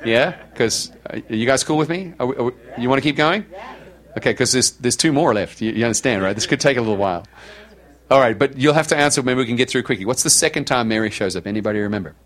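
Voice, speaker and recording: A middle-aged male pastor delivering a sermon with a conversational, animated style. He questions his listeners directly and slips into softer, lower tones when he quotes other people. His voice sits in an ordinary middle pitch for a man. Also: quick pace. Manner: conversational preaching, asks the congregation questions.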